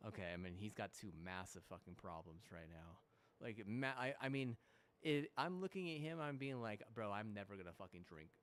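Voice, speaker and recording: A man's voice: fairly low pitch, moderate pace, a bit bright. A young man talking casually while playing a game, swearing a lot and restarting his sentences. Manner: heavy swearing, frequent restarts and fillers; mocking mimicry of apologies. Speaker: gamer. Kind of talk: rambling gaming commentary.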